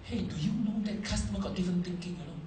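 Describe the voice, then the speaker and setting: A man's voice: high voice, very fast, background noise. A man giving a sales seminar talk to a live audience, questioning the crowd and repeating his points for emphasis. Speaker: motivational speaker. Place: large hall with an audience. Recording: echoey hall, recorded from far off.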